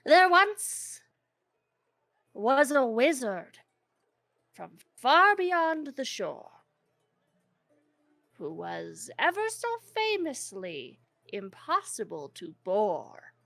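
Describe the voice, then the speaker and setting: A woman voicing a boastful male gnome performer who recites rhymes in a slow, drawn-out way. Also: high voice, huge pitch swings, creaky, a bit bright, no echo, voice pushed up, full character voice. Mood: mock-solemn.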